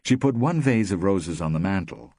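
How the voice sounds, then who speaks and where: Low husky guy narrating an audiobook, lively pitch, dry close mic. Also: moderate pace, no echo. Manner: steady, expressive reading. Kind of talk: scripted narration.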